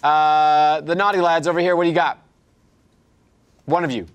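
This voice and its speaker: A man's voice: on the high side, steady tone, moderate pace, smooth. A man hosting an improvised comedy game show, playful and laughing often as he gives out points.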